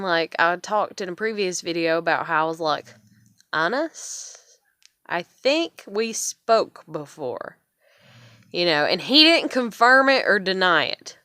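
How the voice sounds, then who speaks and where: A woman's voice: medium pitch, pushed and bright, clean tone, no echo, studio quality. A woman in her thirties telling her own story in a rambling vlog, swearing often, with plenty of fillers and restarts. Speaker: vlogger. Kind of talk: casual personal storytelling.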